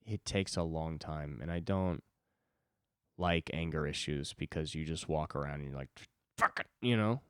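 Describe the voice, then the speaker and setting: A man's voice: a bass voice, flat delivery, normal speed, clean tone, dry recording, studio quality. A man in his twenties talking alone on his own podcast, rambling, swearing and mocking himself. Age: 20s. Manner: rambling, profane, self-deprecating. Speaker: podcast host. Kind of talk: solo podcast monologue.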